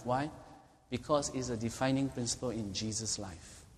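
A man's voice: medium pitch, fairly quick, a little hiss or hum. A man preaching a sermon as pastor, earnestly repeating key points and asking the congregation questions. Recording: hall reverb, faint ambience.

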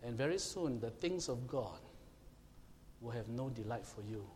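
A man preaching a sermon, emphatic and questioning his congregation, now and then shouting to make a point. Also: medium pitch, expressive, unhurried. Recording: long hall reverb, faint room noise.

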